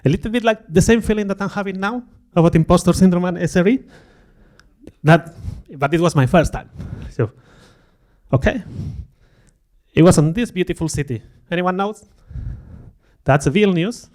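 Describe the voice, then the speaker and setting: A man on a conference stage talks to the crowd with an open, self-mocking manner and laughs easily. His voice sits a little high for a man. He breaks into livelier voices when he repeats what others said. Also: moderate pace, pauses often, a little mellow. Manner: candid, self-deprecating, laughs often; acts out quoted remarks in a livelier voice. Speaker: conference speaker. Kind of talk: conference talk. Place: conference stage before an audience.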